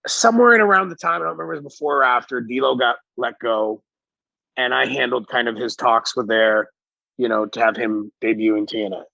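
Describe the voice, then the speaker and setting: A man's voice: medium pitch, brisk, gravelly, pushed and bright, no echo, dull audio. A man on a podcast telling a rambling, profane anecdote as a guest, full of restarts. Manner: rambling, frequent restarts, swears freely. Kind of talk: casual storytelling.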